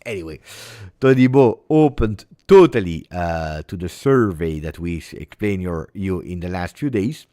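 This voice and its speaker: A man with a very low voice hosts a casual football talk show. He rambles excitedly, jumping between points and repeating words in bursts. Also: moderate pace, few pauses, dry recording, studio quality. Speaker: football channel host. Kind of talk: casual chat.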